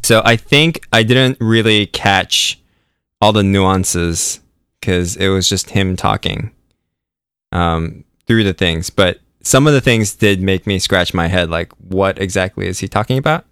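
A low-voiced man co-hosting a casual book podcast. He speaks in a smooth, resonant voice, measured and wry. The sound is dry and close. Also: a bit bright, dry recording. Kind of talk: casual chat.

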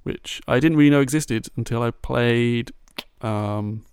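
A man's voice: mid-range voice, measured pace, a little mellow, clean tone, no room sound, studio quality. A man in casual podcast chat, easygoing and asking follow-up questions. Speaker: podcast co-host.

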